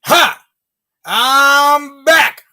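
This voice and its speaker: A woman storyteller doing a big, hollering devil in a told folk tale, loud and quick to outrage, pitched high and bright as he bellows in disbelief. He sounds baffled and bossy at once. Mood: gloating. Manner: hollering, incredulous. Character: loud blustering male devil, easily baffled.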